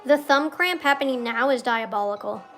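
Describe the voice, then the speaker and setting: A woman's voice: high voice, normal speed, faint music behind. A young woman streaming a video game, chatting casually, swearing and ranting when she fails. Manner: muttering quietly to herself. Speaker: gaming streamer. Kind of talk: casual gameplay commentary.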